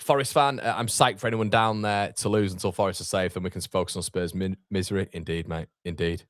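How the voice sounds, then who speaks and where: A man's voice: sits low, fairly even intonation, fast, dry recording, studio quality. A young man hosts a live football watchalong. He chats casually, reads viewer comments aloud and calls people mate. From Yorkshire, England. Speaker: watchalong streamer.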